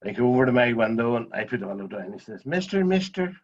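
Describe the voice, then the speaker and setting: A man's voice: fairly low pitch, steady tone, racing, muffled recording. A man with a Northern Irish accent, a guest in a casual video call interview, chatty and fond of telling funny stories. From Northern Ireland. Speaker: guest driver. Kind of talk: casual interview chat, storytelling.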